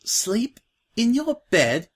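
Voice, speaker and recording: A man's voice: extremely high pitch, wildly swooping pitch, extremely slow, husky, pitched above the performer's own voice, full character voice. A man voicing a timid, prim young filly who speaks politely and formally, hesitant and tearful.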